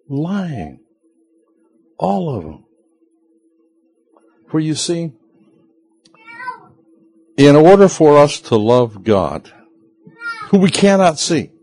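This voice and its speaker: A man preaching a sermon in a slow, earnest way, sometimes rising sharply in pitch and loudness for emphasis. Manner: acts out quoted voices of listeners. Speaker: pastor.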